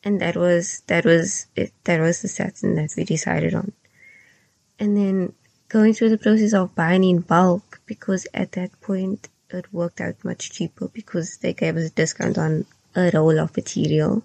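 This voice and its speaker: Gravelly-voiced young woman explaining calmly. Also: fairly low pitch, dry recording. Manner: measured, explaining step by step. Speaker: podcast co-host. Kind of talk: casual chat.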